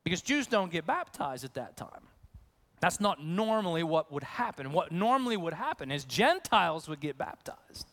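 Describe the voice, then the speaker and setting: A man's voice: on the high side, moderate pace. A man, a pastor, preaching a conversational sermon to his congregation, acting out voices as he goes. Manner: conversational, animated, acts out questions.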